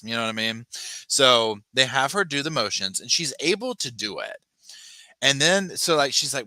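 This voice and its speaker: A man's voice: medium pitch, normal speed, no room sound. A man hosting a true crime livestream, chatting casually, reading viewer comments aloud and acting out the people he talks about in exaggerated voices. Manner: animated, sassy, mimics people in exaggerated voices; reads viewer chat aloud and thanks supporters.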